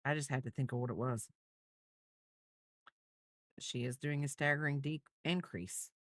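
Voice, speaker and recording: Lady streamer rambling along while she crochets, low voice, dry close sound. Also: normal speed, dry recording. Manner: rambling, chatty, thanks viewers. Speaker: crochet livestreamer. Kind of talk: casual livestream chat.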